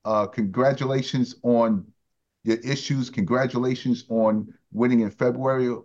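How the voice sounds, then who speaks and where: A man hosts a union radio show, asking his guest leading questions in a conversational way. His voice sits at a middle pitch. The sound is dull and lo-fi. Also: fairly even intonation, moderate pace, a little mellow. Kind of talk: radio interview.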